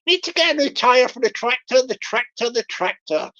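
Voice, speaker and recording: A woman's voice: on the high side, expressive, extremely slow, bright, forceful tone, heavily acted. A woman voicing a wheedling male scammer from Bristol who repeats himself and cajoles, breaking into laughs between lines. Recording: lo-fi dull stream audio.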